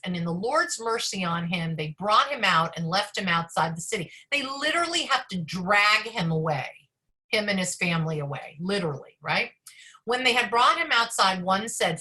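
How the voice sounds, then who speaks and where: A woman rabbi teaches a group over a video call, racing along in a chatty way full of asides and fillers. Her voice is clear and bright, and her pitch sits in the middle of the usual range for a woman. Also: animated, moderate pace. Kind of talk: leading an online study session.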